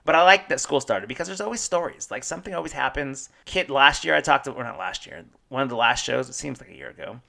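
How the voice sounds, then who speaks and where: A fast-talking man in his thirties with a gravelly, bright edge, chatting casually as a podcast co-host. He jokes his way through stories and acts out other people's lines. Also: medium pitch, expressive. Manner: joking storyteller, acts out quotes. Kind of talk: casual chat.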